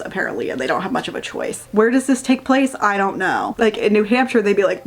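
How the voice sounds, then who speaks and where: A woman's voice: lowish voice, lively intonation, fast talker, few pauses. A woman giving a casual, sarcastic rant review of a book, swearing freely and sounding exasperated.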